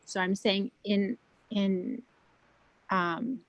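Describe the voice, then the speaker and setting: A woman's voice: medium pitch, fairly even intonation, very slow, no echo, low-quality recording. Rambling woman with a dry sound. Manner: rambling, self-interrupting, many fillers; speaks softly to keep her voice down. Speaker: guest on a spiritual round table. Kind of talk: casual chat.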